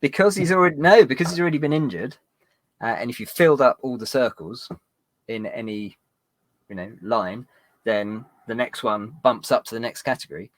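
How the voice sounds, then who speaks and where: A man narrating as game master of a tabletop game, rambling and halting with many fillers. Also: mid-range voice, no room sound.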